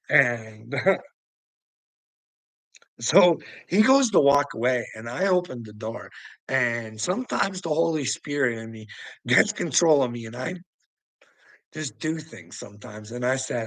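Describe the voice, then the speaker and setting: A man's voice: medium pitch, animated, measured pace, gravelly, a bit bright, dry recording, low-quality recording. A man telling a heated personal story, swearing and laughing often, with stumbling restarts. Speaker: vlogger.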